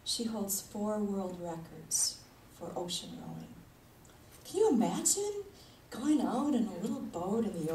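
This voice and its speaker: Warm-voiced woman preaching in an echoey hall. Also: mid-range voice. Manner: conversational, chuckling often. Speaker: spiritual leader. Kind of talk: sermon. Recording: echoey hall, mic at a distance, faint noise.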